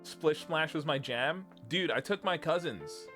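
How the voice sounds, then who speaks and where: A young British man streams a casual, rambling chat and breaks into laughter often. His voice sits a little high and swings widely in pitch as he tells his stories. Faint music plays quietly underneath. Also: lively intonation, a little slow. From Britain.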